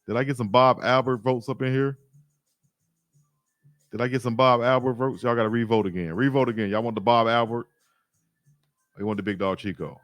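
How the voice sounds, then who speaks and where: A man from Alabama hosts a sports livestream. His pitch sits in the middle range, and he talks in a slangy, animated way while reading viewer comments aloud. The sound is dry and close, with no room echo. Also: a little fast, long pauses. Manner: slangy, animated storytelling, reads chat aloud. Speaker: sports YouTube host.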